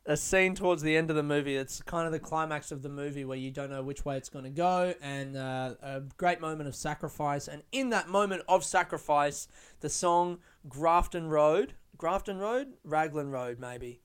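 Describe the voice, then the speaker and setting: A man's voice: fairly high pitch, moderate pace, smooth. A man hosting a casual solo podcast, rambling in a profane, self-mocking way. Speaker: podcast host. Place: London, UK.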